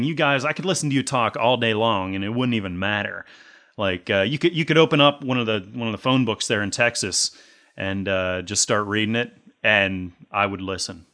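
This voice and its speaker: Podcast host, male, mid-pitched, rambling and chatty. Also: bright, forceful tone. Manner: chatty, rambling, laughs often. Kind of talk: casual podcast chat.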